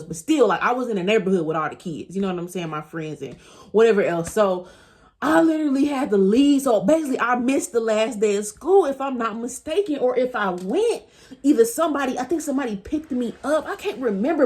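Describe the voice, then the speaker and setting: A woman's voice: on the high side, a little mellow. A woman in her thirties telling a personal story to her viewers in a casual, chatty way, often speaking straight to them and laughing as she goes. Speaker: vlogger.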